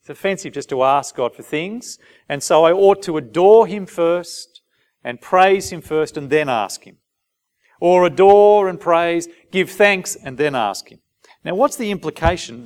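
A man preaching a sermon, asking his listeners questions and briefly acting out little dialogues. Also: fairly high pitch. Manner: animated, asks the audience rhetorical questions, acts out short dialogues.

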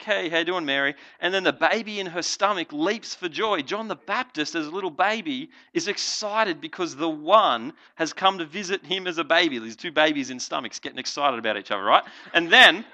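A man leads a casual youth talk on a Bible passage. He talks in a chatty, animated way, and his voice is bright and forceful, pitched a touch high. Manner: chatty, animated, lots of "like" and "right?". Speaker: youth leader.

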